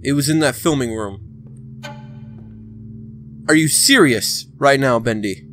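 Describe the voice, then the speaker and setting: A man giving casual let's play commentary, excitable and talking to the game character, sometimes breaking into shouts. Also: mid-range voice, measured pace, faint music behind. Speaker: gaming channel host.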